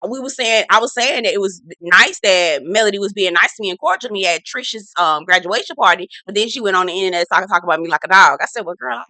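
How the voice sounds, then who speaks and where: A woman hosting a casual TV recap, sassy, animated and full of profanity. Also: mid-range voice, fast talker, few pauses, dry recording. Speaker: TV recap host. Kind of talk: casual chat.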